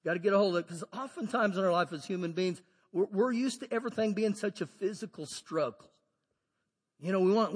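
A pastor preaching a sermon, animated, moving between loud shouted lines and low quiet asides. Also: male voice, husky. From Texas. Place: church sanctuary. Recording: long hall reverb.

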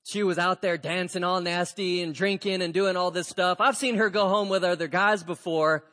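A man's voice: high voice, moderate pace, hardly any pauses. A man preaching a storytelling sermon as pastor, acting out the dialogue in his story. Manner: animated storyteller, acts out dialogue. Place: church sanctuary. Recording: reverberant church hall.

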